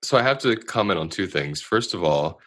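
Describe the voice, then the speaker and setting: Male host, very low, husky voice, effusive and chatty. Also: expressive, moderate pace. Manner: warm, effusive, laughs often. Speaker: podcast host. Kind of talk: casual chat.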